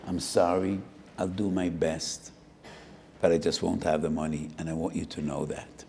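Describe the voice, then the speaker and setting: Gravelly older rabbi telling a parable. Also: male voice, sits low, level tone, normal speed, a little mellow, slight background noise. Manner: storytelling with Hebrew phrases, acting out both sides of a dialogue. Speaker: rabbi giving a Torah lecture. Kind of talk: sermon with a parable. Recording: roomy hall with long reverb.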